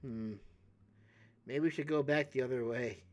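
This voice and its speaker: A man's voice: mid-range voice, unhurried, a little mellow. Playful, sarcastic male gamer. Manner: sarcastic, playful, jokey asides. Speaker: streamer. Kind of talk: casual gameplay commentary.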